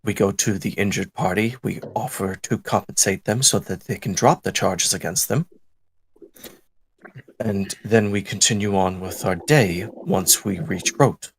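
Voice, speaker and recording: A man playing a tabletop game, laying out plans in a measured, step-by-step way. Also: deep voice, vocal fry, slight background noise. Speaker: player.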